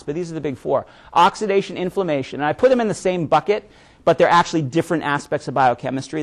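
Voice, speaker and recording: A man giving a live presentation to an audience, speaking conversationally and often checking in with "right?" as he explains. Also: a little high. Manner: conversational, frequent "right?" tag questions; repeats words when restarting.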